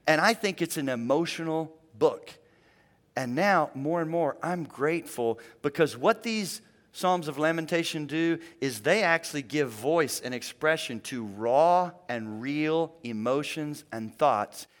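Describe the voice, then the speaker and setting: Fairly high-voiced man preaching conversationally. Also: expressive, measured pace. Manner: conversational storytelling, acts out quoted voices. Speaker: pastor. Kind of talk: sermon.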